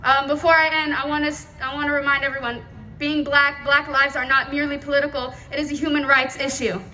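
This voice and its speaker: A woman's voice: sits high, flat delivery, quick pace, pushed and bright. A young woman protest organizer giving an earnest, slightly nervous but determined rally speech outdoors.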